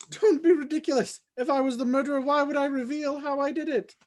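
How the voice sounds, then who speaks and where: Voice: sits high, steady tone, normal speed, darkish tone, lightly acted. A reader voicing a frantic male butler in a live script reading, racing through the recap with sudden yelps.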